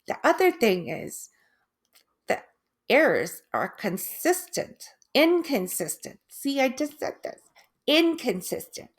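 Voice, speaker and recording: A middle-aged woman talking in a casual personal video, halting, with restarts, long pauses and drawn-out, oddly stressed syllables. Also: sits high, wildly swooping pitch. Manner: laughs softly at herself. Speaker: vlogger sharing her stroke recovery.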